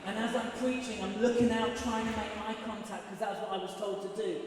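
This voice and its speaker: A man preaching a sermon, telling stories in an animated way with self-mocking humor. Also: sits high, brisk. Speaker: pastor. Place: church auditorium. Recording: echoey hall from far off, faint noise.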